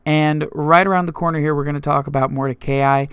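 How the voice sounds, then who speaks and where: A man's voice: on the high side, steady tone, brisk, a bit bright, clear, resonant tone, dry recording. A male pastor teaching a Bible study, retelling scripture in his own words, with frequent restarts and fillers.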